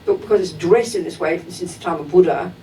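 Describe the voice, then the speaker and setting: A woman's voice: a little fast, warm tone. Emphatic woman teaching, heard from afar. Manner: direct and emphatic, acts out everyday examples. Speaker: Buddhist teacher. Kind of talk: dharma talk to a class. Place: teaching hall at a Buddhist center. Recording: distant mic with faint rumble.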